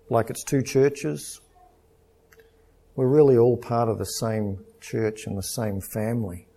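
A middle-aged pastor preaching an earnest, measured sermon with stories. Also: male voice, mid-range voice, dark tone.

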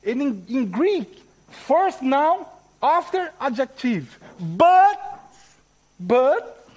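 Man preaching, Portuguese accent, very high voice, unhurried, emphatic stresses. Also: big pitch swings, darkish tone, low-quality recording. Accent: Brazilian Portuguese. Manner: slow, emphatic teaching with rising stresses. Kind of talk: sermon.

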